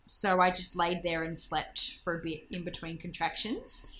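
A woman telling a casual, animated personal story full of fillers and laughs. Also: lowish voice, normal speed, a little hiss or hum.

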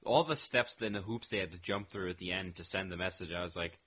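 A man's voice: sits low, quick pace, husky. A man chatting casually as a podcast co-host, hesitant with many restarts, acting out lines he quotes. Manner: hesitant, many fillers and restarts, lively quoting. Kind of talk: casual chat.

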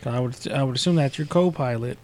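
A man's voice: mid-range voice, quick pace, a little mellow. A man co-hosting a casual movie chat, adding wry jokes and short reactions.

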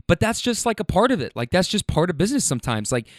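A man's voice: high voice, big pitch swings, fast talker, dry recording, clean studio sound. A man hosting a podcast, telling stories casually in a rambling, profane way. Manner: rambling, profane, restarts and fillers. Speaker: podcast host. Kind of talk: casual storytelling.

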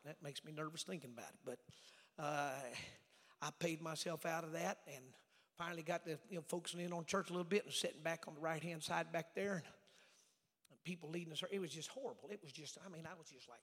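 A middle-aged man preaching a storytelling sermon in a folksy way, swinging from loud preaching to hushed asides. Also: fairly high pitch. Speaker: evangelist preacher. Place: church sanctuary. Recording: reverberant church hall.

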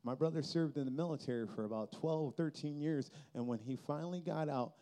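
At a Christian youth festival, a man earnestly shares his personal testimony with heartfelt emotion. His voice is warm and mellow, pitched at an ordinary middle level.

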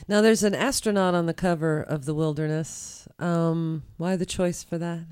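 A woman's voice: fairly low pitch, fairly even intonation, moderate pace, darkish tone, clean tone. A woman hosting a live radio show, asking curious, lightly teasing questions. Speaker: radio host. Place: radio studio.

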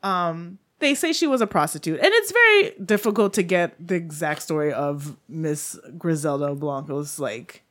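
A woman's voice: low voice, lively intonation, normal speed, few pauses, fairly bright tone. A woman co-hosting a casual podcast, chatty and giggly as she tells a true-crime story. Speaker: podcast co-host.

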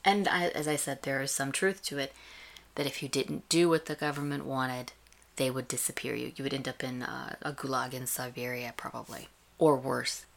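A woman's voice: a bass voice, moderate pace, creaky. A woman hosting a podcast, giving a chatty, analytical recap of a TV episode. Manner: chatty, analytical, animated retelling. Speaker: podcast host reviewing a TV episode. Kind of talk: casual recap and commentary.

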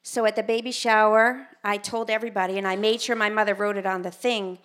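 An American woman telling a personal story on a theater stage, animated and self-mocking, acting out what people said. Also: mid-range voice, fairly quick, few pauses. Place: theater stage before an audience.

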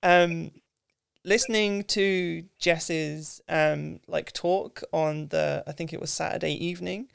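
A woman hosting a podcast in casual chat, relaxed and reflective with frequent "um" and "like". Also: fairly low pitch, slow, gravelly, smooth, dry recording, clean studio sound. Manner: relaxed and reflective, many "um"s and "like"s, light laughter. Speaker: podcast host.

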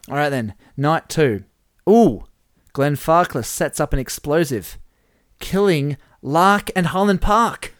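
A man in casual chat, reading out game events with animated play-by-play. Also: mid-range voice, no echo, studio quality. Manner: animated play-by-play, chuckling at the results. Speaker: host running a whisky-themed game simulation.

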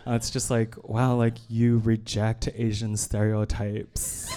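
Slow and level, this comedian's lowish, mellow voice carries a bit of background noise. Performing at a live evening show, he tells chatty, self-deprecating stories packed with fillers and asides.

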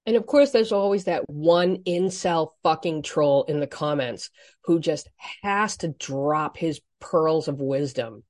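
A woman hosting a solo dating podcast, reacting with frank, profane indignation and swinging between quiet emphasis and loud outbursts. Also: low voice, a little slow, no room sound, studio quality. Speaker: dating coach podcast host.

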